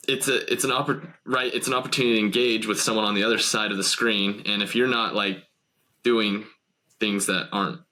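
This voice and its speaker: Guy hosting a podcast, lowish bright voice, kinda hesitant, keeps restarting sentences. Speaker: podcast host. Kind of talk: casual conversational interview.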